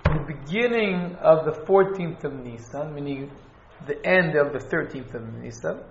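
A man teaching an informal class on Jewish law, halting and restarting as he explains. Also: a little high, expressive, gravelly, slight background noise. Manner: halting, restarts, Hebrew and Yiddish terms. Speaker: Torah teacher. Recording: echoey, dull room recording.

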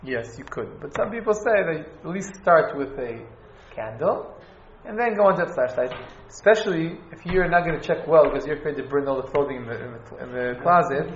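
A man teaching an informal class on Jewish law, halting and restarting as he explains. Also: fairly high pitch, lively intonation, slight background noise. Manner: halting, restarts, Hebrew and Yiddish terms. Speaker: Torah teacher. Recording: echoey, dull room recording.

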